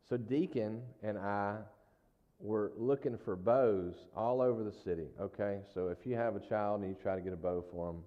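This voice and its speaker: Speaking in a low voice, a man gives a relaxed storytelling sermon with a folksy feel, regularly checking in with those in the pews. Everything sounds dull and lo-fi, with the lingering reverb of a large hall.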